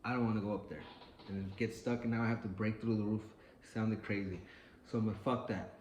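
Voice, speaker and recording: A man's voice: fairly low pitch, brisk. A man casually telling a personal story, swearing freely and acting out the voices of the people in it. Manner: animated, profane, acts out quoted voices. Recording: echoey room with faint ambient noise.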